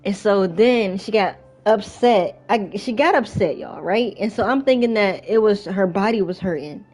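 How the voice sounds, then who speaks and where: Casting note: young woman, casual storytime vlogger, rambling and chatty, soft music behind. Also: medium pitch, normal speed. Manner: chatty, rambling, frequent fillers. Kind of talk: casual storytime while playing a game.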